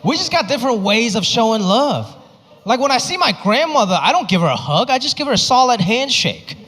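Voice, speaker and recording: A male stand-up comedian performing his set on a comedy club stage into a handheld mic, animated and acting out voices. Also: very high voice, brisk. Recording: echoey club with faint crowd.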